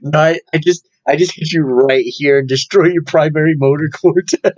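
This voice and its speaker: This is a young man who gives short, blunt, deadpan answers and swears casually. He sounds like a co-host in relaxed podcast talk. The audio is dull and lo-fi. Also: on the high side, normal speed. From Southern United States. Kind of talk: casual chat.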